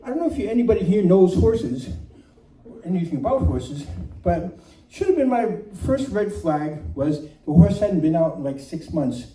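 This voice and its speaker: A man telling a comic true story at a live storytelling night, animated and self-mocking, often laughing as he talks. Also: high voice, normal speed. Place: community center room. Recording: echoey room from far off, faint noise.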